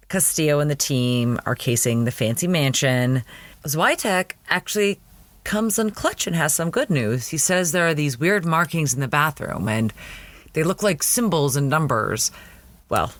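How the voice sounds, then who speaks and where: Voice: medium pitch, a bit bright, no room sound. Podcast host for a TV recap show; loose, chatty, incredulous, dry close sound. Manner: chatty, laughing, incredulous asides. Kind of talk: casual episode recap.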